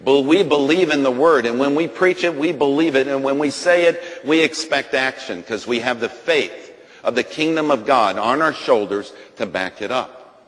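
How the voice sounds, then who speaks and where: A man's voice: mid-range voice, normal speed. Impassioned man preaching in a reverberant hall. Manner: swings between loud proclaiming and hushed grief. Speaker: guest speaker giving testimony. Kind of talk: impassioned sermon testimony. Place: large gathering hall.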